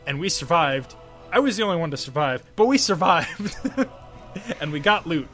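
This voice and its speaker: Animated young man telling a gaming story. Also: a little high, normal speed, faint music behind. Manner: animated storyteller, acts out quotes with a raised voice, laughs often. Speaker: podcast co-host. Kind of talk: casual gaming podcast chat.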